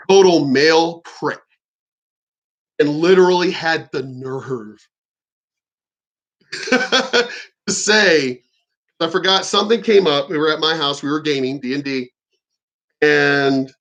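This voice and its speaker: A man's voice: on the high side, fairly bright tone. A man in his forties hosting a commentary video, telling stories in a profane, heated ranting manner. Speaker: commentary channel host.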